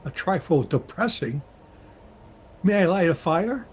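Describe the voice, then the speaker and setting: A man playing a polite, skeptical gentleman traveler lost on the moors in an old-time radio drama. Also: high voice, expressive, measured pace, slightly rough, exaggerated voice. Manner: polite, well-spoken. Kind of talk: 1930s-style radio drama acting.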